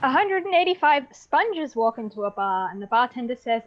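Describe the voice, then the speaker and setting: A woman's voice: a little high, brisk, few pauses, dull audio. A woman improv performer telling a joke over a video call, animatedly voicing both sides.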